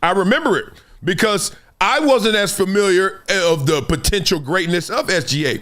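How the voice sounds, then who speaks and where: A man hosting a sports talk stream in a casual, slangy, animated way, laughing often. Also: sits high, normal speed. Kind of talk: casual live-stream commentary.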